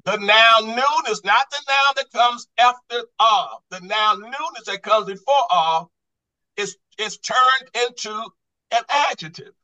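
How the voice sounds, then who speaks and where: A man's voice: very high voice, animated, a little slow, pushed and bright, low-quality recording. A man teaching a Bible study class on grammar, quizzing the group with repeated questions and restarting his phrases to stress a point.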